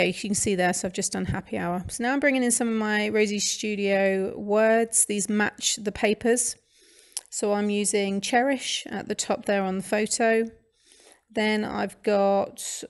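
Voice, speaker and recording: Speaking with a British English accent, this UK craft-channel host narrates her scrapbooking video in a relaxed, chatty way, full of fillers and false starts. Her voice sits in the middle range and has a creaky quality.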